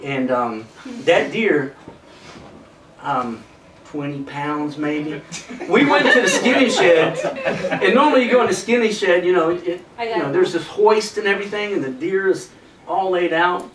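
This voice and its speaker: Guy telling a story and cracking up a lot, high lively voice, roomy far-off camcorder sound with loud hiss. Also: a little slow. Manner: laughs often while telling a story. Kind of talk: casual anecdote. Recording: roomy distant camcorder audio with loud noise.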